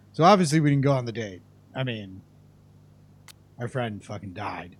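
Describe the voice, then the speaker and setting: A man's voice: mid-range voice, expressive, moderate pace, long pauses, husky. A young man streaming a game, casually swearing and reading in-game text messages aloud. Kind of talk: live gameplay commentary, reading in-game texts aloud.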